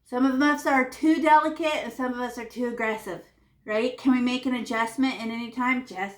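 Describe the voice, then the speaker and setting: In a classroom or home room, a woman teaching kids to paint speaks at a moderate pace in a slightly high voice. Her art lesson is playful and chatty, sprinkled with sound effects and repeated words.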